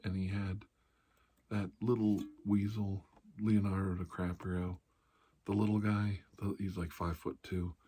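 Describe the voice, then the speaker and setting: A man's voice: low-pitched, mellow, a little hiss or hum. A middle-aged man hosting an ASMR channel, rambling casually in a blunt, profane, sarcastic way.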